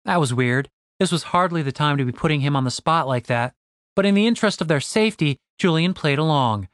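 A man narrating a comic fantasy audiobook with expressive storytelling. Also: on the high side, brisk, no room sound, studio quality. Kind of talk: scripted narration.

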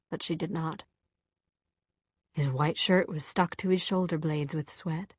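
A woman narrating a novel in a measured, softly dramatic reading. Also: lowish voice, no echo. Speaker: audiobook narrator. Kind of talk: scripted narration.

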